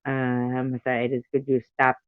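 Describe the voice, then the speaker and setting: A woman's voice: a bass voice, monotone, brisk, smooth, no echo. Rambling American woman on a lo-fi livestream. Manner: rambling, giggly, reads out viewer comments. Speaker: livestream host. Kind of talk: casual livestream chat. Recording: dull lo-fi stream audio.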